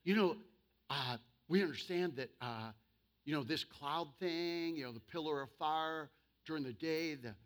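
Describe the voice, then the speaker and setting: Man playing a timid, roundabout Israelite, bright voice, stalls on every word. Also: fairly high pitch. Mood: hesitant. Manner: halting, full of "uh" and "you know".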